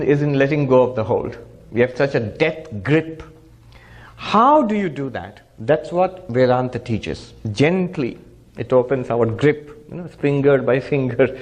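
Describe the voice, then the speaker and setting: The recording is muffled, and the man's voice is mid-range. A Vedanta monk, he delivers a spiritual lecture through a story, acting out characters' lines animatedly and chanting Sanskrit verses.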